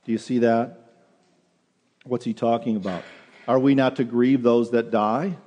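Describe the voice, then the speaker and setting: A man's voice: medium pitch, fairly even intonation, unhurried, mellow, lo-fi sound. A male pastor preaching a sermon in earnest, often repeating words as he restarts a phrase, in a church sanctuary. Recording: long hall reverb.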